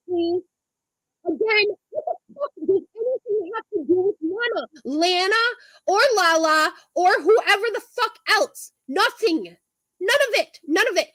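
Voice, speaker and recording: A woman's voice: very high voice, no echo, rough recording. A woman on a livestream, delivering a heated, profane rant and repeating her points.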